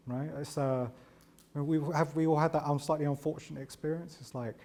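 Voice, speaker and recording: A man giving a conference talk, chatty and animated, with self-deprecating humour and frequent asides of "right?". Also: a little high, brisk. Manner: animated and chatty, often tags lines with "right?". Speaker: conference speaker.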